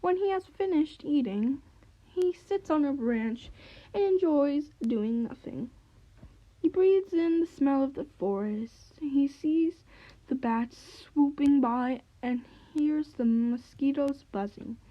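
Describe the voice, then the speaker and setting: Slow, gentle woman reading a bedtime story. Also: high-pitched, animated, lo-fi sound. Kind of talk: children's story read-aloud.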